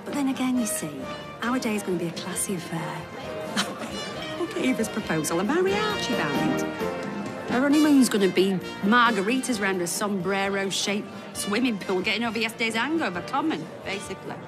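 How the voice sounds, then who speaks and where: An actress playing a snobbish bride-to-be who gossips catty remarks. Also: female voice, medium pitch, lively intonation, moderate pace, loud music behind the voice, lightly acted. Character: fussy bride-to-be, snobbish and competitive. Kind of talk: soap opera acting.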